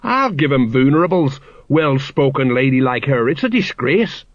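A man's voice: mid-range voice, sing-song, moderate pace, no room sound, natural voice. A man voicing a blustering, nervous, stout older sergeant of the city watch. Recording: slightly muffled dry recording.

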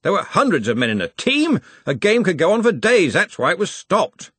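A bossy old head wizard, voiced by a man, who blusters loudly and gruffly and has no patience. The husky voice swoops about lively, and he barks his orders at the room. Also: high-pitched, brisk, dry recording, voice pushed up, full character voice. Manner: loud, gruff, impatient.

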